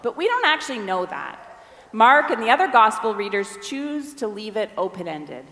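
A woman's voice: medium pitch, big pitch swings, unhurried, fairly bright tone, roomy sound, long reverb tail. A woman giving a conversational sermon, briefly acting out the voices of the people in the story. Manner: conversational, acts out quoted voices. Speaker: preacher.

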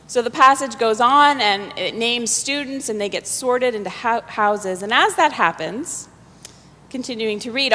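A woman's voice: a little high, unhurried, bright, forceful tone. A woman pastor preaching, reading a story aloud and then talking with her congregation, in a church. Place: church sanctuary. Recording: long church reverb.

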